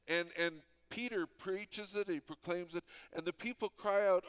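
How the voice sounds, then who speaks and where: A man's voice: high-pitched, moderate pace, hardly any pauses, a bit bright, smooth. A man in his fifties from Canada, preaching a sermon as pastor in an earnest, conversational way with frequent restarts.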